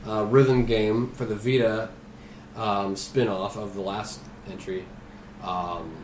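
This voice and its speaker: Animated man in a roomy echo. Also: fairly low pitch, takes it slowly, a little hiss or hum. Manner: animated, swearing, laughing between words. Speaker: podcast co-host. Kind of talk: casual chat.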